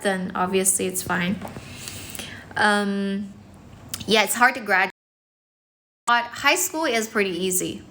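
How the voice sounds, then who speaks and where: Woman livestream English teacher, casual and fast-talking, bright tone, phone mic. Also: medium pitch, slight background noise. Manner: fast, chatty, many fillers, mixes in some Chinese. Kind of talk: casual livestream chat with viewers. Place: indoors, in front of a decorated background.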